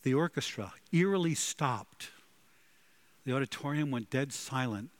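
A man preaching a sermon, telling stories dramatically and swinging between loud and hushed delivery. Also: medium pitch, lively intonation, measured pace, no room sound. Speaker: pastor.

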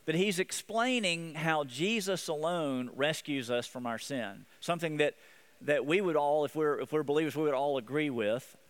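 A man's voice: fairly high pitch, moderate pace, smooth. A man preaching a sermon as pastor, earnest, often repeating and restarting his phrases.

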